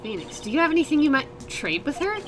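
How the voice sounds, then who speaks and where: A woman's voice: sits high, big pitch swings, fast, noisy background, pitched above the performer's own voice. A woman voicing a helpful young female sidekick in a video game, read plainly.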